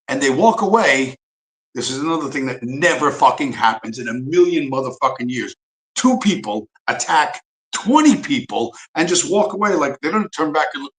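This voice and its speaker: A man's voice: fairly high pitch, animated, moderate pace, gravelly, fairly bright tone, echoey room, poor audio. A man hosting a livestream, ranting casually in a profane, rambling, sarcastic way. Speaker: livestream host.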